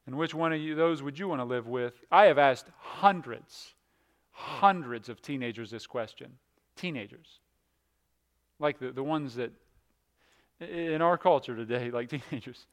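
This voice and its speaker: In an unhurried, mid-range voice, a pastor preaches his sermon, moving back and forth between loud emphasis and softer, hushed passages. He often repeats words along the way.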